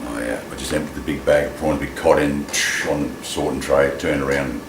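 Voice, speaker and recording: A man telling a personal story in an animated way, acting out the voices in it. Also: very deep voice, brisk. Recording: echoey room with clear ambient noise.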